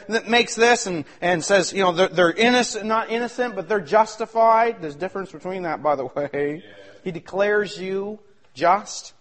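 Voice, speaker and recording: A male pastor preaching a sermon, swinging between shouted excitement and hushed asides. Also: extremely high pitch.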